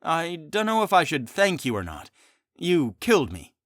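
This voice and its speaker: A man voicing an earnest young male knight who rambles in a quick, upbeat way. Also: on the high side, wildly swooping pitch, no room sound, clean studio sound, voice pushed up. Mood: excited. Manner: rambling, upbeat, a bit sheepish.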